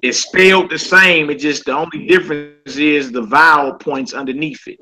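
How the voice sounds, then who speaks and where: Bright-voiced man teaching Hebrew. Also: a little high, normal speed, rough recording. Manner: relaxed, repeats words, checks in with "all right?". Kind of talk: casual classroom teaching.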